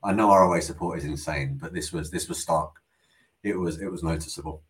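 A man's voice: deep voice, a little fast. A man co-hosting a casual football podcast, talking animatedly and tripping over repeated words. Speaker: podcast co-host.

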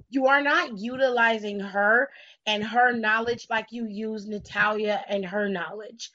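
A woman on a podcast giving emphatic opinions about wrestling, building into forceful outbursts. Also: a little high, highs cut off. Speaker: podcast co-host.

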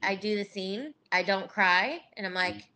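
Laughing frequently, the middle-aged podcast guest shares frank stories and mimics the voices of people she quotes. She speaks unhurriedly at medium pitch, her voice pushed and bright.

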